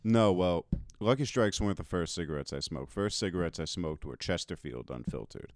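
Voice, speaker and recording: A man with an extremely low, deep voice, the kind that sits right at the bottom of the range. He chats casually as a podcast guest, unhurried and drawling, trailing off into pauses. The sound is dry and close, with no room around it. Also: expressive, no room sound. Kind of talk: casual chat.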